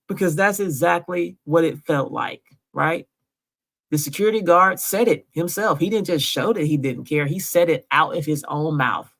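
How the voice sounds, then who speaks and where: A woman from Georgia vlogs straight to camera, telling her story in an insistent, emotional way and often checking in with viewers by asking "right?". Her voice is fairly low, gravelly and a bit bright, at a moderate pace.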